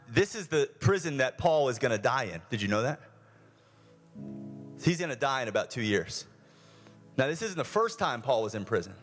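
A male pastor preaching a sermon in a church, earnest and repetitive, often restarting his phrases. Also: a little high. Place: church sanctuary.

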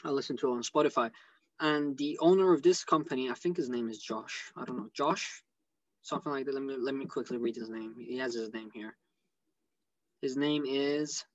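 A man with an English accent giving rambling, excitable commentary on a live stream over a video call. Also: medium pitch, no echo, dull audio. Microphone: computer mic on a video call.

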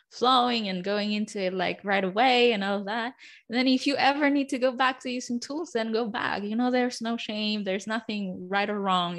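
Female co-host, slightly high voice, measured and reassuring in casual chat. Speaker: podcast co-host. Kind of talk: casual chat about manifestation.

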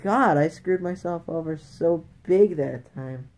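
A woman's voice: low-pitched, takes it slowly, darkish tone. A woman giving let's play commentary, taunting enemies and shrieking in frustration at the game. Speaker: gamer playing retro games.

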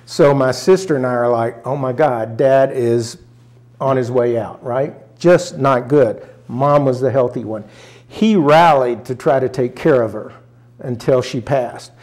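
A man's voice: mid-range voice, a little slow, darkish tone. An older man from rural Arkansas, a guest in an interview, telling a personal story earnestly and often getting choked up. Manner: earnest, emotional, often choked up, acts out quoted family voices.

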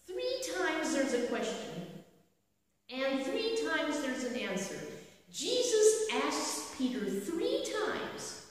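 Slow, echoey woman preaching. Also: high voice, big pitch swings. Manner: storytelling with frequent rhetorical questions. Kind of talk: sermon. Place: church sanctuary. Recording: echoey hall from a distant mic.

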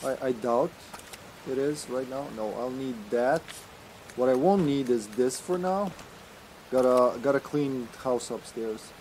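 Casting: casual male streamer, rambling and stammering commentary over gameplay, mid-pitched voice. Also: measured pace, darkish tone, slight background noise. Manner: rambling, stammering, swears and laughs a lot. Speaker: streamer playing a horror game.

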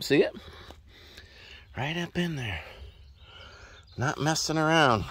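Rancher vlogger, folksy and rambling, lively pitch, recorded outdoors walking. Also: male voice. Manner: rambling, folksy, chatting to his horse. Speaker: farm vlogger. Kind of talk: casual walk-and-talk vlog. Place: outdoors on a ranch in a wet meadow.

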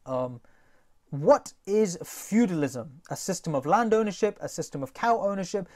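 A man teaching a recorded test-prep lesson, talking straight to his class in a lively, jokey way. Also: high voice, normal speed.

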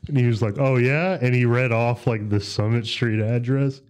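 A man's voice: mid-range voice, steady tone, moderate pace, darkish tone, smooth. A man on a podcast, talking in a laid-back, rambling way with lots of fillers and swearing. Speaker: podcast host. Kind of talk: casual chat.

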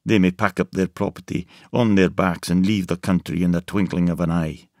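Stern old judge in an audiobook, gruff and declaiming, deep voice; a male reader does him. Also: steady tone, brisk, a little mellow, dry recording, clean studio sound. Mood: scornful.

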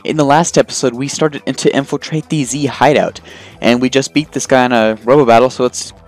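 A man's voice: medium pitch, steady tone, a little fast. Rambling, jokey male game commentator. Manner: rambling, self-deprecating, jokey, lots of fillers. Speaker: let's play host. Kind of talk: casual gameplay commentary. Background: faint game music.

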